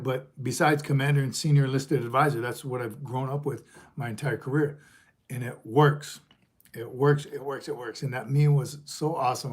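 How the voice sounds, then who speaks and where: A man's voice: mid-range voice, darkish tone, breathy edge. A middle-aged man, a retired Marine sergeant major, hosting a casual livestream and rambling as he reads viewer comments aloud.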